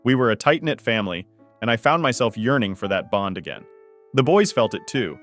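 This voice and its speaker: A man narrating a first-person family story in a steady, matter-of-fact way. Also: medium pitch, brisk, faint music behind.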